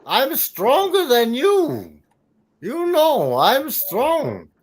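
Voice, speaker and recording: A man's voice: very high-pitched, huge pitch swings, drawn-out words, voice pushed up, full character voice. A man putting on the voice of a boastful foreign male wrestler who taunts in clipped, broken English. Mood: taunting.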